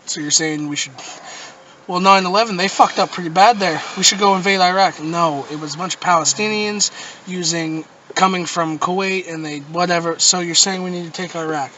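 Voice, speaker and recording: A man bantering sarcastically on a podcast, with a high voice and a bright, sharp tone. He sits a little away from the mic. Faint noise runs behind him. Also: fairly quick, muffled recording. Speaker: podcast co-host. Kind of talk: casual chat.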